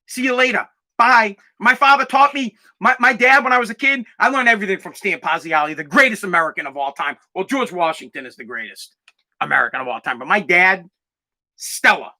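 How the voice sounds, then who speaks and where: A man's voice: sits high, animated, a little fast, pushed and bright. A young man hosting a podcast, telling stories in a brash, profane, emphatic way. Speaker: podcast host. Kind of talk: casual storytelling chat.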